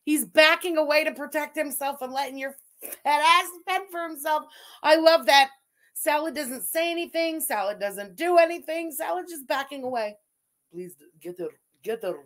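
A woman's voice: high-pitched, moderate pace, a bit bright. A woman streamer giving crude, sarcastic reaction commentary and thanking viewers.

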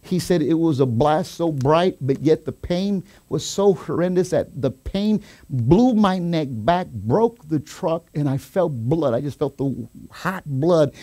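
A man preaching a sermon as pastor, telling a story with quoted voices and rising to excited shouts. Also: a little high, measured pace, hardly any pauses. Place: church sanctuary.

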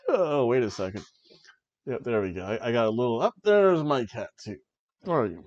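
A man hosting a wrestling review show, talking in an animated, chatty way with offhand asides. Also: mid-range voice, moderate pace, lo-fi sound. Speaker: wrestling review podcast host. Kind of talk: casual chat.

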